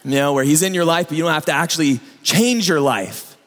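A man's voice: a little high, fairly quick, fairly bright tone. Male preacher in an echoey hall. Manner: conversational storytelling with asides to the listener. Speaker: pastor. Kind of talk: sermon.

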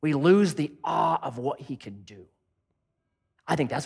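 A male pastor preaching a sermon in an animated, joking, conversational way. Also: a little high, moderate pace, creaky, slightly rough.

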